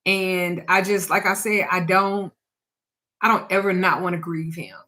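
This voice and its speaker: Candid spiritual teacher, bright voice. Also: female voice, on the low side, fairly even intonation, unhurried. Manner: candid and reflective, trails off with restarts. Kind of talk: casual personal storytelling.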